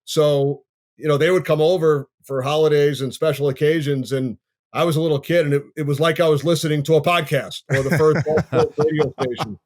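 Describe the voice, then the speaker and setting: A man in his fifties from Long Island, New York, a sports broadcaster telling his story in a measured, easygoing way as a podcast guest. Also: a little high, steady tone, darkish tone. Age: 50s.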